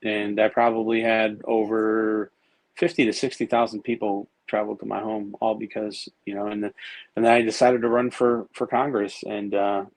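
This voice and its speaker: A man's voice: fairly low pitch, flat delivery, normal speed, darkish tone, dry recording, rough recording. A man guesting on a podcast, telling long, rambling stories with plenty of fillers and some swearing. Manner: rambling, profane, many fillers and restarts. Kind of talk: casual storytelling.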